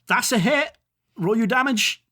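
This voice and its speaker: A man's voice: very high voice, animated, measured pace, pushed and bright. A man narrating as game master, rambling and descriptive with fillers.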